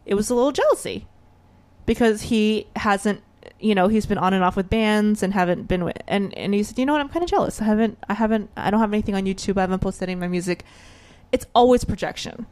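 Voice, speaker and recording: A woman hosting a casual podcast interview. She talks in a chatty way and laughs often as she tells stories. Her voice sits at an ordinary pitch for a woman. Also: fast talker, a little mellow, no echo. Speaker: podcast host.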